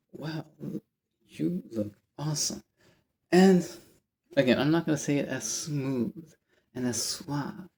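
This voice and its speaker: A man's voice: medium pitch, creaky. A man telling a rambling story to camera in a casual vlog, often stopping to correct himself. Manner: rambling, animated, self-interrupting. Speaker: vlogger.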